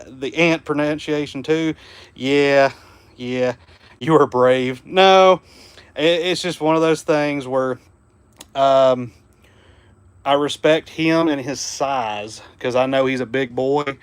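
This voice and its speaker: A man with a Southern US accent hosting a casual livestream from home, reading viewer comments and speaking gently to his dog. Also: mid-range voice, a little slow, clear, resonant tone, no echo. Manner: easygoing, drops to a hushed murmur around his dog. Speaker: livestream host. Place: home room indoors.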